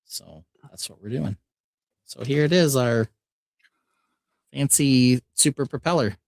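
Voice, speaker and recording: Male host, relaxed live-stream chat, talks through the build step by step, dry close sound. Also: medium pitch, takes it slowly, vocal fry, no room sound. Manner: easygoing, explains steps as he builds.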